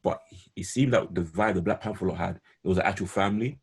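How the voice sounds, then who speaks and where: A man's voice: low voice, fast talker, creaky, husky. A man co-hosting a podcast, chatting casually in a rambling way with many fillers and restarts. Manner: rambling, repeats words, lots of fillers. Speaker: podcast co-host. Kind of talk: casual chat.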